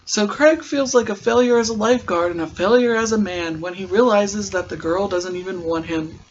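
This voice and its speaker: A man's voice: high-pitched, moderate pace, highs cut off, slight background noise. A man hosting a casual podcast, recapping a TV episode in a chatty, joking way with rambling asides.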